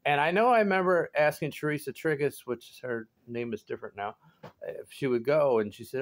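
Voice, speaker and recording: A man in his forties chatting casually to his viewers from home, rambling and laughing often, jumping into high excited exclamations. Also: a little fast. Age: 40s. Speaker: vlogger. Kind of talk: casual chat to camera. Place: home garage.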